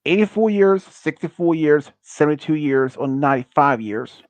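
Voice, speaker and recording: A man runs a casual quiz on a stream, reading out each question and its options. His voice sits fairly high, and he stumbles through restarts and fillers as he goes. The sound is dry and close, with no room around it. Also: lively intonation, darkish tone, no echo. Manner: halting, many fillers and restarts, non-native phrasing. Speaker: quiz host.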